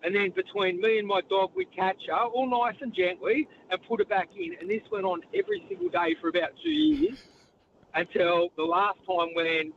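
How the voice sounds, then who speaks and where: A man calling in to a radio show, telling a rambling, enthusiastic story. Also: sits high. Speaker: radio caller. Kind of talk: phone-in chat. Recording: lo-fi phone line with faint background noise.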